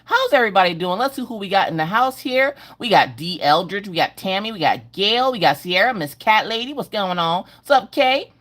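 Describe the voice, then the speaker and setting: A woman's voice: medium pitch, sing-song, brisk, hardly any pauses, fairly bright tone. A middle-aged woman hosting a casual livestream from home, greeting viewers by name in a sing-song way. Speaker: livestream host.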